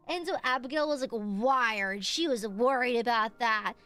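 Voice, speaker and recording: A woman streamer telling a story in a casual chat, animated and swearing freely. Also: fairly high pitch, moderate pace, clean tone, dry recording, faint music behind. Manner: animated, acts out the voices in her stories; swears casually, lots of fillers.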